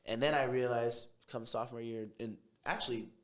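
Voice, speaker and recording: A young man from Tacoma, a podcast guest telling his story in a quick, brash, animated way. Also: mid-range voice. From Tacoma, Washington. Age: young adult. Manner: fast, brash city talker who speeds up when excited. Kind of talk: casual storytelling interview.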